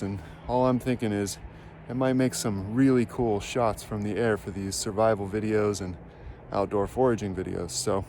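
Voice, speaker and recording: A middle-aged man hosting an outdoor vlog, talking in a relaxed, upbeat, chatty way. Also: on the low side, slight background noise. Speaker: host of a foraging and hunting channel. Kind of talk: casual outdoor vlog narration.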